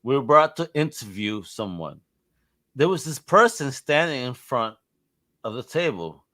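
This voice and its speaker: A man's voice: mid-range voice, very animated, bright, forceful tone. A man with a New York accent hosting a podcast interview, joking and telling stories in casual chat. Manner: joking, storytelling, quick to laugh. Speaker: podcast host.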